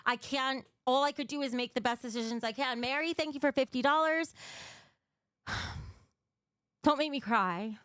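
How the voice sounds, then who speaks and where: Brief: young woman streamer, fairly high smooth voice, blunt and emotional, reads and answers chat live, swears a lot. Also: fairly even intonation, normal speed, a bit bright, no echo, studio quality. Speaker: livestream host. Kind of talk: casual livestream chat.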